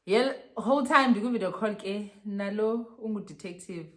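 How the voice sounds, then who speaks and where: A young South African woman with a South African accent, telling a casual story in a lively, animated way and laughing often. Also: medium pitch, moderate pace. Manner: animated, mixes English and Xhosa slang, laughs often. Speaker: vlogger.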